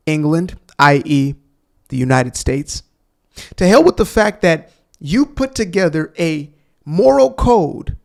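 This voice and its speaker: A man delivers sarcastic, mocking commentary as he reacts to clips on his channel. His voice sits a little high and carries a gravelly fry. The delivery stays pointed and opinionated.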